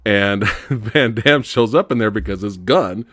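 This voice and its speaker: A man hosting a casual movie review chat, animated, laughing often and acting out characters in high voices. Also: measured pace, no echo, clean studio sound. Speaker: host.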